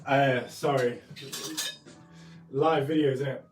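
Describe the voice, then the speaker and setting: This painting livestream host has a medium-pitched voice with a steady tone, and he takes things slowly. He chats in a casual, apologetic, self-deprecating way as he demonstrates his art live. Faint music plays behind him in an echoey room, picked up by a mic at a distance.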